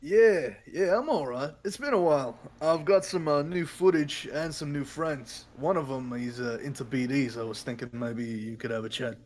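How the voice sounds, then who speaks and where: A man playing a rough masked fixer. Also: medium pitch, a little mellow, lightly acted. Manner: loose, swearing, halting with fillers. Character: wary male fixer in a mask, a bit rough.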